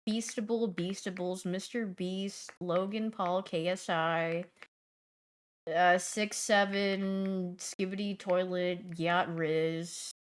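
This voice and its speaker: A young woman streamer in casual livestream chat, playful and chatty, answering her chat and swinging from loud bursts to mumbling asides. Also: lowish voice, steady tone, slow, clear, resonant tone.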